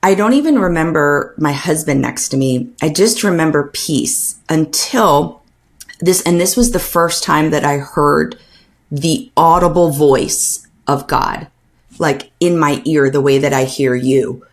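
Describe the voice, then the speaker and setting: A middle-aged woman speaks as a podcast guest, sharing a personal story. Her voice sits a little low, and she brings the tale to life by acting out the voices of the people in it, laughing now and then. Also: unhurried. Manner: animated storyteller, acts out quoted dialogue with laughs.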